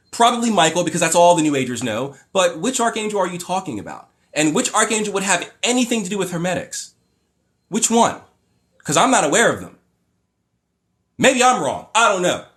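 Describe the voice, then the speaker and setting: A man with a fairly high voice hosts a livestream. He reads passages aloud and then tears into them, sarcastic and exasperated, swearing freely. The sound comes through a phone or webcam mic. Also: a bit bright. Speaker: livestream host. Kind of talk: ranting livestream commentary.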